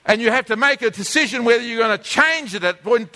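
A man preaching a teaching sermon, his high voice carrying a long hall reverb. He talks conversationally and often doubles back to repeat or restart words. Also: animated, fast, bright, forceful tone. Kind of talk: teaching sermon with a drawing board.

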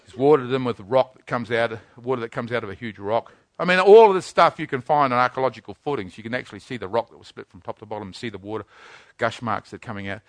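A man preaching a sermon, building to loud, rapid-fire rhetorical questions. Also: mid-range voice, no echo.

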